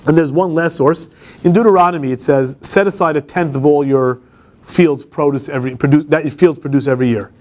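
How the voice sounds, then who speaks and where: A campus rabbi gives an informal lecture in a law school classroom, talking conversationally, restarting often, and putting questions to the class. His voice is a little high, a little fast, and a little mellow.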